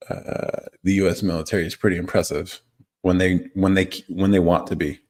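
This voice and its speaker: A man's voice: low voice, flat delivery, normal speed, a little mellow. A man hosting a live stream, chatting casually with viewers, reading their comments and chuckling often. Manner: laid-back, chuckles often, trails off. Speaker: livestream host.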